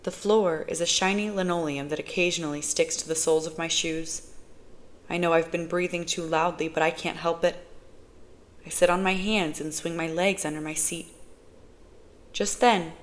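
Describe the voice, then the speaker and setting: A woman reading a novel aloud, narrating in first person in a measured way. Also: sits low, steady tone. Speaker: audiobook reader.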